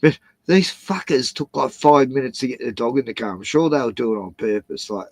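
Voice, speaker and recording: A man's voice: mid-range voice, a little fast, a little mellow, no room sound, low-quality recording. An older man with an Australian accent tells a rambling story at home, swearing, sighing and chuckling as he goes. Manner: sweary, sighing, laughs through his story. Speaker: vlogger. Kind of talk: casual rambling anecdote.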